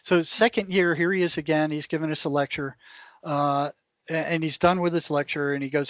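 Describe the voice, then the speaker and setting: Lively storytelling man, dry close sound. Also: a little high, brisk, dry recording. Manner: animated anecdotes, acts out others' lines. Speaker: guest; former clinician. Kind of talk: conversational storytelling.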